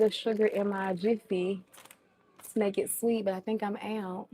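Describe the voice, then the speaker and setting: A woman's voice: medium pitch, little pitch movement, normal speed, dark tone. A woman with a Southern US accent, chatting casually with viewers as she cooks dinner live in her home kitchen, talking to them like friends. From Southern United States. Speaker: home cooking livestream host. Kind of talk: casual live cooking chat. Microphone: new microphone.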